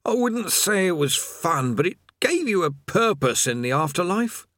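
A man's voice: high voice, very animated, fairly bright tone, no echo, clean studio sound, pitched above the performer's own voice. A man voicing a haggard, weary chained prisoner condemned to eternal labour in an audiobook. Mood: weary complaining. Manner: slow, haggard, complaining.

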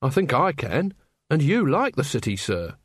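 A man's voice: mid-range voice, wildly swooping pitch, normal speed, husky, dry recording, clean studio sound. A man voicing an earnest, cheerful, naive young male watchman who speaks eagerly and politely. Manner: eager, polite, wide-eyed.

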